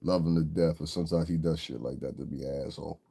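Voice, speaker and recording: A man's voice: extremely low pitch, fairly even intonation, fast, vocal fry, mellow, husky. Casual livestream host: man, laid-back, chuckles, talks to chat.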